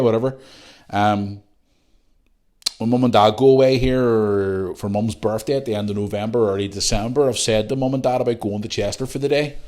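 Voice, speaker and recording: In a lowish, darkish voice, a middle-aged Northern Irish man hosts a podcast, reading listener messages aloud in a casual chat peppered with jokey, rambling asides.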